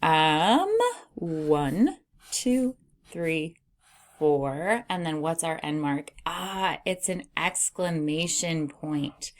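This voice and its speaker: A woman teaching an early reading lesson, sounding words out slowly for young children. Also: deep voice. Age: adult. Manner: slow, sing-song teacher voice, sounding out words.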